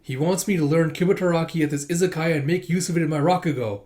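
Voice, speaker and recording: A man's voice: a little high, fast talker, darkish tone, natural voice. A man voicing an earnest, eager young woman trainee, lightly and close to his own voice.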